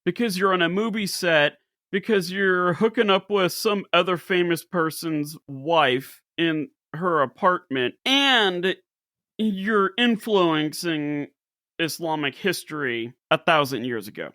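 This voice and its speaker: A woman's voice: on the low side, takes it slowly, dry recording, clean studio sound. A woman co-hosting a casual podcast, telling stories with lots of laughter. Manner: animated storyteller, laughs a lot. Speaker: podcast co-host. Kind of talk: casual chat.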